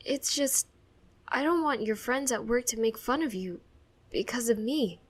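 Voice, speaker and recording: A woman's voice: fairly high pitch, lively intonation, measured pace, slightly rough, voice pushed up. A woman voicing an anxious, emotional young boy who talks in a pleading, tearful way. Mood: timid.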